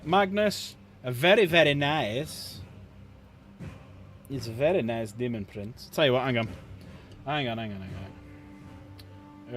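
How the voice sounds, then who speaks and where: A man hosting a livestream, chatting casually and jokily with his viewers while painting miniatures. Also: medium pitch. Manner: chatty, jokey, talks to chat. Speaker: livestream host.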